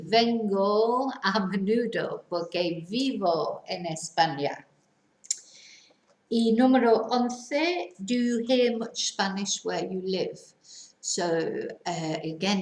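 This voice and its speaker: Female language teacher, unhurried and clear, recorded in a reverberant room. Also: medium pitch. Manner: models sentences slowly and clearly, then translates. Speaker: Spanish teacher. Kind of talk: slow language lesson. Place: lives in a Spanish village. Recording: echoey room.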